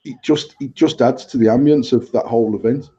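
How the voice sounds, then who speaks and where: Man, co-host, deep dark voice, husky, rambling, sweary, dull lo-fi recording. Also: fairly quick. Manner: sweary, rambling, repeats himself. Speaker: podcast co-host. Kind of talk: casual chat. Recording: dull lo-fi sound.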